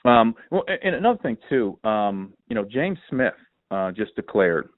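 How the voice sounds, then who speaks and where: Male podcast host, mid-pitch, animated storyteller, dry narrow phone-line sound. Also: normal speed, dry recording. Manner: animated storyteller, lots of fillers. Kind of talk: casual sports chat.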